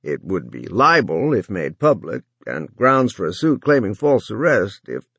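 A man's voice: fairly low pitch, big pitch swings, a little slow, creaky, fairly bright tone, husky, no room sound, exaggerated voice. A man voicing an older businessman droning formally over a one-way phone line in an audiobook.

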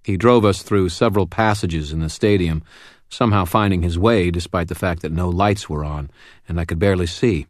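A man reading first-person audiobook narration in a measured, even storytelling manner. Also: low voice, dry recording, clean studio sound.

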